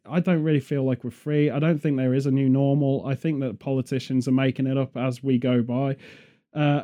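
A man's voice: medium pitch, dark tone. A man chatting casually outdoors in a field, rambling off on jokey tangents. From England. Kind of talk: casual chat.

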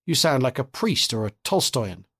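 A man reading aloud voices an irritable, mocking old Bolshevik prisoner with a dry, snappish manner and a husky tone. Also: mid-range voice, sing-song, normal speed, sharp tone, heavily acted. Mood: sardonic.

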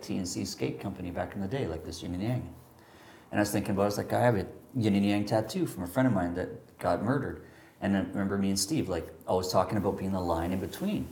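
A man's voice: lowish voice, reverberant. A man telling a personal story in casual chat, rambling with lots of fillers and acting out what people said. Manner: rambling, animated, many fillers, acts out quotes.

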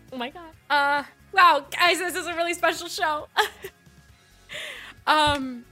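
A young woman co-host riffing on a comedy podcast, giggling often. Her voice is high and bright with a lively swing, and she takes her time. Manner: giggly, playful. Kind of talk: improv comedy chat.

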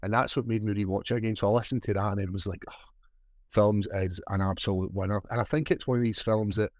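A man's voice: fairly low pitch, fairly even intonation, rapid-fire, darkish tone, no echo, clean studio sound. A man with a Scottish accent co-hosting a podcast, chatting casually and swearing freely. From Scotland. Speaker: podcast co-host. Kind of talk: casual chat.

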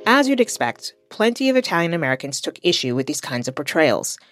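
Podcast host, low-pitched woman, lively scripted narration, dry studio sound. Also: no echo, faint music behind. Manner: measured, explanatory.

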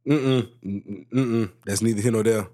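A man co-hosting a podcast, telling a story about work in a casual, swearing, animated way. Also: measured pace. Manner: animated storytelling, swears freely, jumps high in pitch when excited. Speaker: podcast co-host. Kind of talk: casual chat.

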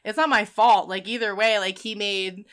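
A woman's voice: mid-range voice, fairly even intonation, moderate pace, fairly bright tone, clear, resonant tone. A woman casually recapping a movie, full of "like" and laughter, quoting characters as she goes. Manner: chatty, filler-heavy retelling with quoted voices and laughter. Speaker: podcast co-host recapping a film. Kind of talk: casual chat.

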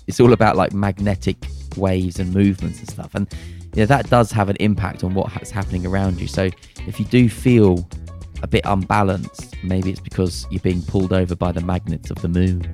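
A man's voice: low voice, fairly even intonation, a little fast, darkish tone, soft background music. A man co-hosting a podcast, chatting frankly and jokily with plenty of fillers. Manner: frank and jokey, lots of fillers. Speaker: podcast co-host. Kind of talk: casual chat.

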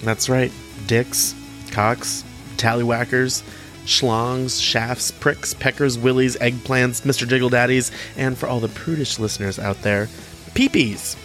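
A man's voice: mid-range voice, fairly even intonation, measured pace, a bit bright, soft background music. A young man hosting his own podcast in a casual, cheeky, playful way, often laughing and using many fillers. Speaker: podcast host. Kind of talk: casual solo podcast talk.

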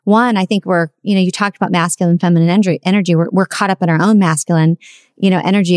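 A woman's voice: fairly low pitch, steady tone, quick pace, a little mellow, dry recording, studio quality. A woman hosting a podcast interview, asking questions in a conversational, searching way and restarting phrases. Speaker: podcast host.

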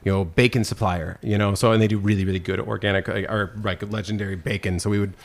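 A middle-aged man, a food critic and TV judge, telling stories in a casual interview, rambling and animated with lots of fillers. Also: on the low side, quick pace, gravelly. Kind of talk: casual storytelling in a podcast interview.

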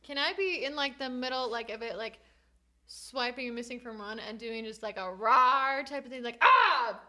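A woman playing a tabletop game, animated and loud at times, saying "like" a lot as she describes her moves. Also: fairly high pitch, a little fast. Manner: animated, loud bursts, heavy use of "like". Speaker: player. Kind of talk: casual tabletop play.

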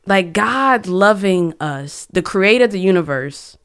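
A woman's voice: medium pitch, expressive, a little slow, clean tone. A young woman sharing a personal testimony as a podcast guest, talking earnestly and emotionally, often stopping and restarting her sentences. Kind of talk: conversational testimony.

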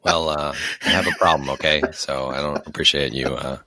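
A man co-hosting a podcast, talking casually and jokingly with a hoarse voice from a cold. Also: very deep voice, steady tone, fairly quick, pushed and bright. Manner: joking, conversational. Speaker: podcast co-host. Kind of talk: casual chat.

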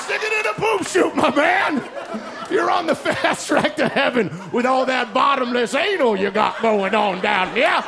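A man putting on a creepy, lecherous god figure who eggs people on in a loud, drawn-out drawl on a comedy stage. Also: very high-pitched, expressive, gravelly, voice pushed up, full character voice. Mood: leering. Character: leering creepy male god egging people on. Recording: live club recording with crowd noise.

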